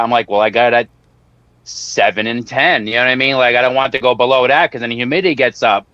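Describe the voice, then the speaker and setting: A man's voice: mid-range voice, quick pace, dry recording. Rambling, cussing man on a call. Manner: rambling, profane, lively storytelling with mock voices. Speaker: guest on a home-grow talk stream. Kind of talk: casual chat. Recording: dull, dry lo-fi audio.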